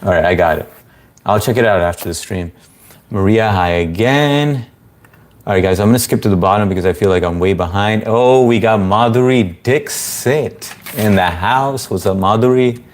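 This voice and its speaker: A man's voice: lowish voice, moderate pace. A man hosting a casual late-night live stream, greeting viewers by name and rambling laid-back with lots of fillers. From Indian family background. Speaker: livestream host. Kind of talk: casual live chat reading comments.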